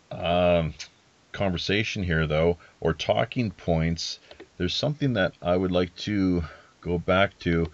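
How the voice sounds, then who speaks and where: Deep-voiced rambling podcast host man. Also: no echo, highs cut off. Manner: rambling, hesitant, many fillers and restarts. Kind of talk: casual interview chat.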